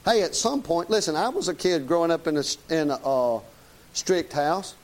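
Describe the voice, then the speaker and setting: A man's voice: fairly high pitch, animated, normal speed. A middle-aged man, preaching a folksy, plain-spoken, emphatic sermon. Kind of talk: conversational sermon.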